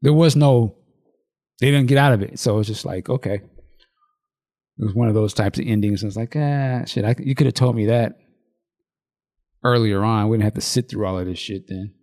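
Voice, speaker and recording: A man's voice: on the low side, normal speed, long pauses. A man on a casual podcast, retelling a movie in vivid, profane detail and acting out the quotes. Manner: animated, profane storytelling with acted-out quotes and laughs. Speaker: podcast co-host.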